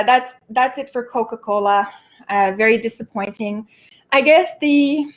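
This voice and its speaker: A woman with a fairly high voice hosts a casual livestream from her home. She talks in an animated, exasperated rush, laughing now and then and pausing to catch her breath. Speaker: show host.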